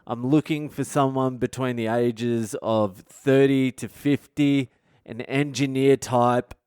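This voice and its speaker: A man's voice: mid-range voice, steady tone, slow pace, darkish tone, smooth, no room sound, studio quality, lightly acted. A man voicing a polite male Indian filmmaker with an Indian accent, explaining things patiently over the phone.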